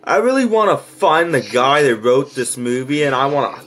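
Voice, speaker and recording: A man's voice: medium pitch, sing-song, moderate pace, fairly bright tone, faint music behind. A man reacting to and reviewing a movie, ranting in an exasperated way with constant swearing.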